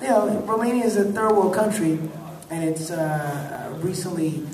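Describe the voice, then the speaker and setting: A man's voice: high-pitched, normal speed. Laid-back man in an echoey convention hall. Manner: laid-back, laughing often, animated when acting out quotes. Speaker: actor telling stories at a fan convention panel. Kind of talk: casual storytelling. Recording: echoey hall, distant mic, crowd noise.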